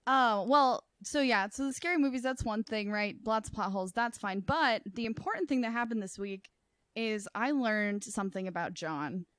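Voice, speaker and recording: A woman co-hosting a podcast in casual chat, teasing with quick comebacks. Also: a little high, a bit bright, dry recording. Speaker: podcast co-host.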